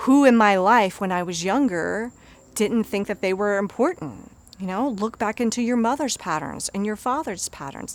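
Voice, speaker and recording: Woman, thirties, life coach, encouraging, conversational self-help talk, medium pitch.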